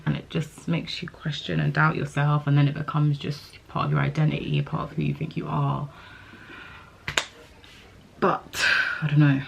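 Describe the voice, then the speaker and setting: A twenty-something woman talks straight to her camera in a rambling, candid vlog, chatty and open about her feelings. Her voice sits low and carries a gravelly, vocal-fry edge. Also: a little mellow, highs cut off, a little hiss or hum. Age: 20s. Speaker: vlogger. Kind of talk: casual talking-to-camera vlog.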